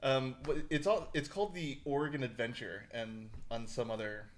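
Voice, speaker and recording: A man's voice: medium pitch, fairly even intonation, moderate pace. Laughing man, casual podcast banter. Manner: laughs often, joking asides. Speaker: podcast co-host. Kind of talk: casual chat.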